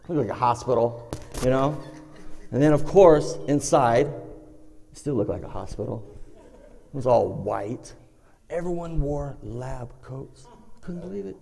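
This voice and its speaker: A man's medium-pitched, creaky voice carries through the long reverb of a performing arts hall as he tells a live audience a funny story from his own life. Unhurried and pausing at length, he animatedly acts out voices and sound effects.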